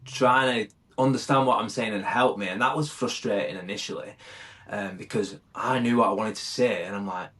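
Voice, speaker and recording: A man's voice: lowish voice, fairly even intonation, normal speed, fairly bright tone. A man in his thirties, a firefighter from the UK, talking candidly and reflectively as a podcast guest, calling the host mate. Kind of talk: casual conversation.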